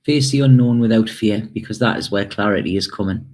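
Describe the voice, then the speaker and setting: On camera, a man gives an intuitive tarot and spirit reading in a fairly quick, lowish voice with a darkish tone. He is hesitant and repetitive, filling gaps with fillers and stopping for emotional asides.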